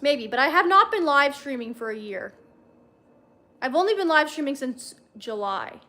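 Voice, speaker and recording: A woman's voice: sits high, animated, normal speed, sharp tone. A young woman on a livestream reading fanfiction aloud, breaking off for wry, chatty comments to her viewers. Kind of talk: casual read-aloud with chat asides.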